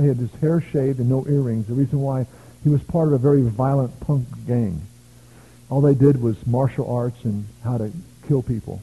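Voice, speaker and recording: A husky, medium-pitched male voice carries an American revival sermon, with emphatic storytelling and shouts of praise. The audio is tinny and lo-fi, similar to a phone.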